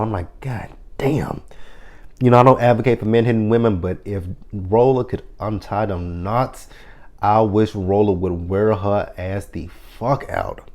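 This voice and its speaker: A man in his thirties recapping a TV episode in a casual, profane, animated vlog style, acting out the characters' lines as he goes. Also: on the low side. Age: 30s. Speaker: TV episode reviewer.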